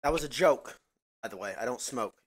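A man streaming a game live, crude and brash, breaking into loud shouts between casual chat into a headset mic. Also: medium pitch, animated, brisk, very noisy. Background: loud game music.

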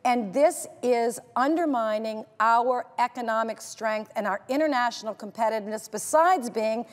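A senator from Louisiana, a woman, speaks with insistent, emphatic passion. Her voice sits fairly high, and a long reverb trails each phrase as if she stands in a big hall. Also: moderate pace. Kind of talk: political speech.

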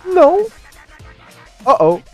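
A young man giving excitable gameplay commentary and trash-talking his opponent. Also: very high-pitched, extremely slow, over music. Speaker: gaming YouTuber.

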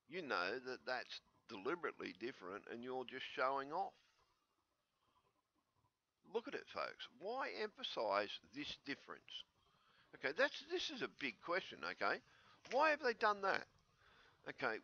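A middle-aged man rambling excitedly in a solo vlog, repeating his questions as his voice jumps up high. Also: lo-fi sound. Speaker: conspiracy vlogger.

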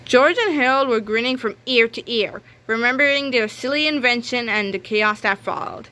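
A woman's voice: fairly high pitch, moderate pace, bright, forceful tone. A woman reading a children's book aloud, telling the story with small slips and restarts. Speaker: reader.

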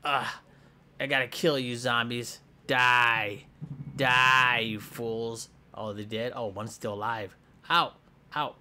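A man's voice: medium pitch, slow. Bob, a man voicing a hyper boastful schoolboy. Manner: excitable, goofy, jumps between squeals and mutters. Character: hyper boastful schoolboy hero with a pet shark. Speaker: gameplay voice actor. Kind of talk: comedic game voiceover.

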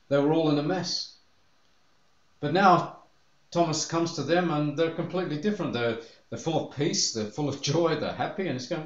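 A man's voice: a little high, normal speed, dull audio. Male pastor preaching in an echoey room. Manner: earnest, acts out the disciples' voices in quotes. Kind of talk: sermon.

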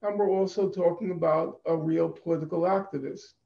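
Man, high-pitched, gravelly, slow and emphatic, echoey dull video-call audio. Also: steady tone, dark tone. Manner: deliberate, emphatic, repeats phrases for stress. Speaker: conference speaker. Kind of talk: lecture-style talk over video call. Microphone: computer mic on a video call.

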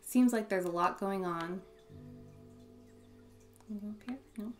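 A woman giving casual let's play commentary in quiet, muttered asides. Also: mid-range voice, unhurried, faint music behind.

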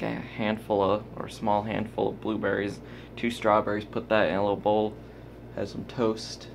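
Young man, casual rambling vlog, unhurried delivery, faint room hum behind. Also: lowish voice. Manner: rambling, self-talking, jumps between topics. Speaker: vlogger. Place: at home. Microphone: handheld phone.

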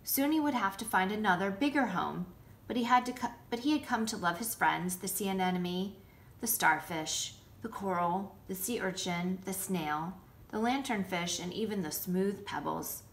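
A nursery school teacher, a woman, reading a picture book aloud to children with lively asides. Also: mid-range voice, moderate pace. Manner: warm, lively storytelling with asides showing pictures.

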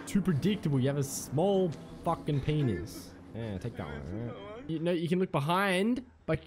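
A man's voice: a little high, big pitch swings, normal speed, music in the background. A man playing a horror game, swearing constantly and breaking into panicked yelps and nervous laughter. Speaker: gamer.

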